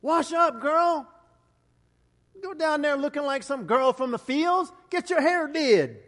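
A sassy older woman, as a preacher puts her on, barks teasing orders to a young woman in a high, lifted voice. The sound carries a long hall reverb. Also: animated, a bit bright, exaggerated voice. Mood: bossy teasing. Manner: bossy, teasing, rapid-fire orders.

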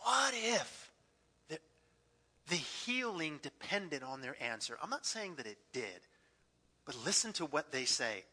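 Male pastor, high piercing voice, big dynamic swings, church hall reverb. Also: a little slow, breathy edge. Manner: animated, swings from loud to hushed. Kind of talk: sermon. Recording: echoey hall.

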